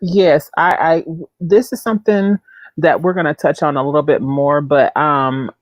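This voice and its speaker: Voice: mid-range voice, steady tone, normal speed, no room sound. A talk show host chats loosely on a livestream, drifting into asides and laughing as the talk wanders. The audio is muffled and lo-fi with no room sound at all.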